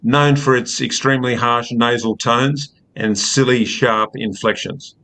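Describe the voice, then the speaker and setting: A man from Australia with an Australian accent, a rugby writer talking in a measured, hesitant way as a podcast guest. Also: medium pitch, steady tone, pushed and bright. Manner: measured, hesitant, many fillers. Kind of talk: casual podcast chat.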